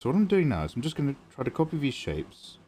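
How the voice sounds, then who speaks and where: A man's voice: medium pitch, huge pitch swings, fast, dark tone, breathy edge. A British man chatting playfully and joking with viewers during a drawing livestream. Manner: playful, jokey, thanks viewers by name. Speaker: art livestreamer. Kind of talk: casual livestream chat while drawing.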